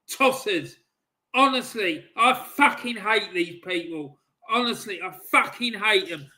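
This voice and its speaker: A man hosting a football channel, ranting angrily and swearing heavily, with loud shouting bursts, off camera at home. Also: sits high. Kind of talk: angry ranting monologue.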